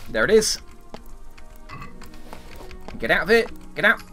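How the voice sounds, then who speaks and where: A man's voice: sits high, sing-song, takes it slowly, bright, forceful tone, faint music behind. A man streaming a medieval role-playing game, muttering asides and talking back to the characters on screen. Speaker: gaming streamer. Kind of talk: let's play commentary.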